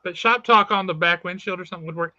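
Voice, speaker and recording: Bright-voiced chatty male comics host. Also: high voice, fast talker, no room sound, muffled recording. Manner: chatty, easygoing, self-correcting. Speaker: comic shop podcast host. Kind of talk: casual chat and comic review. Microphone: video call.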